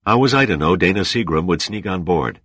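A man's voice: sits low, lively intonation, brisk, fairly bright tone, slightly rough, dry recording, pitched above the performer's own voice, exaggerated voice. A man voicing a weary helicopter pilot in an audiobook, curt and defensive.

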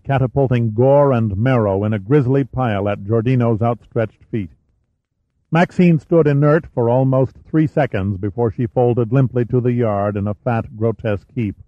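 A man reading a thriller audiobook in a steady, measured storytelling manner. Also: medium pitch, dry recording. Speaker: audiobook narrator. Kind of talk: scripted thriller narration. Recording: dry, slightly muffled studio recording.

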